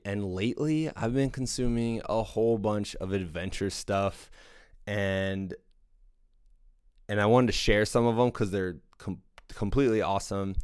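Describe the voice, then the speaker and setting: Deep-voiced enthusiastic man, rambling. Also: clear, resonant tone, dry recording, studio quality. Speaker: podcast host. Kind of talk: casual monologue.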